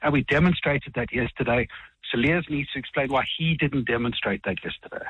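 A man's voice: mid-range voice, breathy edge, no room sound, phone-quality sound. A South African man making assertive, point-by-point rebuttals in a broadcast political debate. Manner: assertive, rapid rebuttals, quotes rules. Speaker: political party spokesman.

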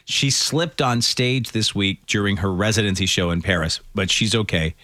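Low-voiced man reading entertainment news. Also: moderate pace, bright, forceful tone, dry recording, studio quality. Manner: reads items then chats loosely. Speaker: radio show host reading entertainment news. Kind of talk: casual radio banter and news reading.

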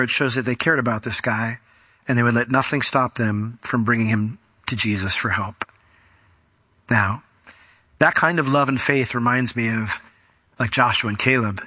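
A man's voice: mid-range voice, pushed and bright, no echo. A man preaching a conversational Bible teaching, folksy in his delivery and fond of acting out the people in the story. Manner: folksy, acts out quoted voices.

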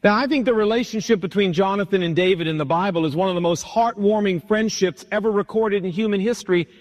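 A man pastor preaching a sermon, retelling a story with animated, emphatic repetition, in a church hall. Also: sits high, fast. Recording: long hall reverb.

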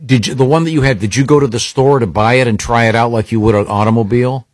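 A man's voice: medium pitch, fast, dry recording. A male host asking guest questions with hesitant ums, in interview banter.

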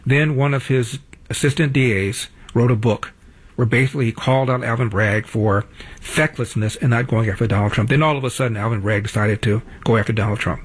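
A man's voice: mid-range voice, fairly even intonation, brisk, breathy edge. An older man hosting a political talk radio show, delivering a wry, combative monologue that builds to emphatic peaks.

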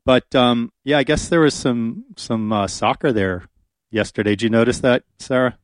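A man's voice: mid-range voice, moderate pace, no echo. A man hosting a radio talk show, chatting casually and rambling with many fillers from a studio.

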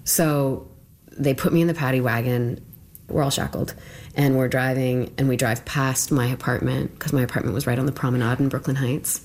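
A woman with a bass voice, fairly even intonation, and normal speed tells her story in an interview. She's casual and conversational, full of filler words like "like" and dropping quiet asides.

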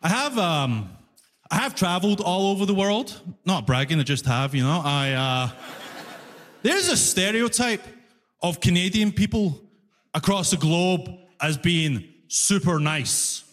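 A man performing a stand-up comedy set, telling stories with animated delivery and shouted punchlines on a comedy club stage. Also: high voice, measured pace. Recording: reverberant live room, faint ambience.

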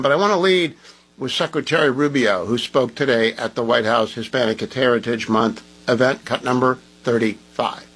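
A man's voice: medium pitch, fairly bright tone, rough recording. A man hosting a talk radio show, talking in an opinionated, emphatic, conversational way. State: groggy from medication.

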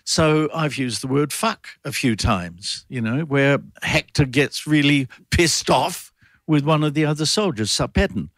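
A man's voice: on the high side, lively intonation, a little slow, a bit bright, dry recording, clean studio sound. Thoughtful man rambling with fillers. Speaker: guest performer and adapter of a classic poem. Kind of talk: radio interview.

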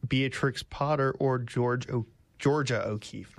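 A man producing a talk radio show, reading quiz questions in a low-key, deadpan way. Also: moderate pace, no room sound. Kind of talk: casual on-air banter and quiz.

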